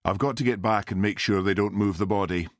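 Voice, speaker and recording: A man's voice: on the low side, fairly quick, no echo, studio quality, close to an everyday voice. A man voicing a weary but firm village policeman in an audiobook.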